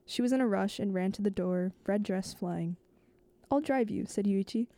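Medium in pitch and mellow, with no echo, this woman reads a novel aloud as host. She keeps a slow, measured pace but sometimes stumbles and restarts a phrase.

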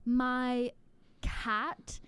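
A young woman on a podcast, chatting casually and telling animated stories. Her voice is smooth and clear, pitched a touch high. It sounds close and dry, with no room around it. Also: no echo. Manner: animated storytelling with quick exclamations. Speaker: podcast co-host. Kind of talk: casual chat. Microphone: podcast mic on a laptop setup.

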